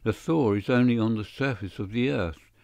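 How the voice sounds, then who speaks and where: A man voicing an earnest married man in an audiobook, speaking hastily in a low voice. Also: moderate pace, gravelly, a little mellow, no room sound, lo-fi sound, lightly acted. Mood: explaining. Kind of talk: audiobook character reading.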